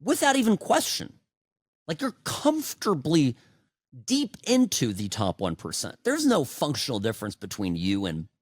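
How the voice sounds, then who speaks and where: Male talk host, 40s, sarcastic and chatty, very expressive pitch, dry close sound. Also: dry recording. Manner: animated, sarcastic, conversational with frequent asides. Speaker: political talk show host. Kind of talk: opinionated political commentary.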